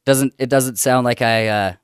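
An excitable man hosting a comedy podcast, chatting casually and laughing often. His voice sits at an ordinary pitch, close and dry with no room sound. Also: normal speed, smooth, no echo. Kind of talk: casual chat.

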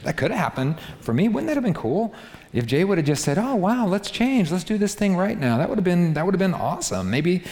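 A man's voice: fairly high pitch, darkish tone. A man preaching a sermon to a live congregation, talking straight to them in an emphatic, repetitive way. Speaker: pastor. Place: large hall before a live congregation. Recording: long hall reverb.

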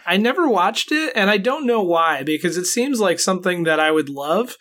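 A man's voice: high voice, expressive, a little fast, a bit bright. A man co-hosting a podcast, chatting casually and asking curious questions. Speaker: podcast co-host. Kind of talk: casual chat.

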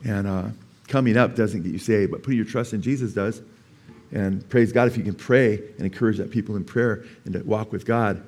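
A male pastor giving a sermon, telling a story in an animated way and rising to emphatic preaching, with calls of "amen?" to the congregation. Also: on the low side, brisk. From California.

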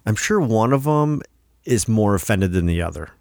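A man's voice: fairly low pitch, lively intonation, normal speed, darkish tone, no room sound, clean studio sound. An American man co-hosting a podcast in casual chat, joking crudely. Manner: crude, joking, puts on mock accents. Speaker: podcast co-host.

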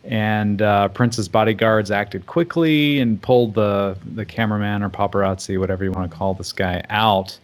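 A man co-hosting a casual chat, agreeable and steady as he recounts a story. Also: fairly low pitch, moderate pace, hardly any pauses. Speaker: podcast co-host.

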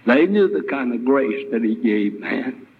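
A man's voice: medium pitch, animated, a little slow, slight background noise. A man preaching a sermon as guest speaker, retelling scripture with emphatic rhetorical questions. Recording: tinny, phone-like lo-fi recording.

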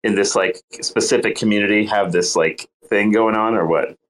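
A man's voice: lowish voice, steady tone, moderate pace, fairly bright tone, low-quality recording. A man in casual chat, asking curious questions with hesitant restarts.

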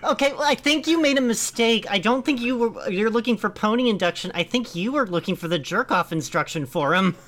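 A woman's voice: mid-range voice, animated, a little fast, hardly any pauses, fairly bright tone. A woman co-hosting a casual podcast chat, giggly and teasing as she reads and jokes. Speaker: co-host.

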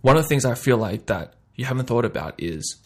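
A man hosting a podcast in casual chat, playful, acting out little scenes and swinging between quiet and loud. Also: mid-range voice, lively intonation, fairly quick, breathy edge. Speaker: podcast host.

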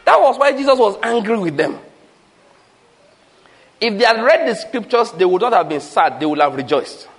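Animated high-voiced preacher. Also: male voice, moderate pace, long pauses. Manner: animated preaching with rhetorical questions and call-outs. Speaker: pastor. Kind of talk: sermon.

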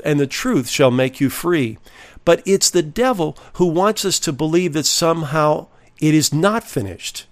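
A man preaching a sermon, reading scripture and stressing key phrases in a slow, deliberate delivery. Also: a little high. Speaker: pastor.

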